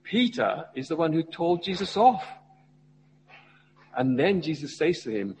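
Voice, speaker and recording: A man's voice: fairly high pitch, animated, unhurried, long pauses, a little mellow, in a large hall, a little hiss or hum, low-quality recording. A man, a church member, preaching a sermon and asking his listeners questions as he goes. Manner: asks the congregation questions, rising and falling emphasis. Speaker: lay preacher.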